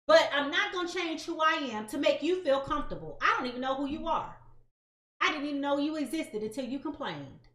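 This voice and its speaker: A high-pitched woman chats directly with her audience, animated and sassy, leaning hard on her words. The sound has a roomy echo around it. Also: a little fast. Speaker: tarot reader. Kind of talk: casual direct-to-camera chat.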